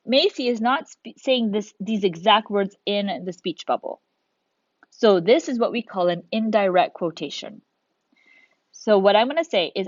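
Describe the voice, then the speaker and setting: A woman's voice: mid-range voice, no room sound, dull audio. Encouraging woman teaching kids on video. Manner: encouraging, talks students through each step. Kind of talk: recorded video lesson for children.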